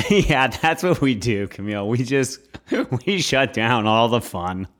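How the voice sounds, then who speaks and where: A man's voice: medium pitch, lively intonation, a little slow, a bit bright. A man co-hosting a podcast in casual chat, playful and teasing, often laughing. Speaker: podcast co-host.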